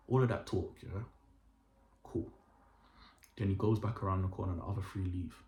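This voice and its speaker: A young man tells a story in lively street slang and acts out each quote. His voice sits low. The room around him is echoey. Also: normal speed, pauses often. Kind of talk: casual storytelling to camera.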